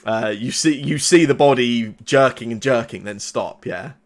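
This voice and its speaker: A male game master narrating a tabletop role-playing game. He talks in a halting way, often restarting his sentences. His voice sits at an ordinary middle pitch.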